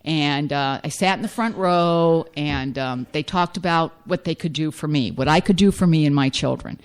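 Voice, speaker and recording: A woman's voice: sits low, moderate pace, clean tone. A middle-aged woman giving a frank, self-mocking personal recovery testimony as a speaker at a meeting.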